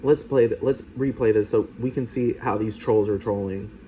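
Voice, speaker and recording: A man's voice: lowish voice, steady tone, normal speed, dark tone. Casual male commentator, mocking and profane, slight room noise. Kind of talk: casual commentary over clips.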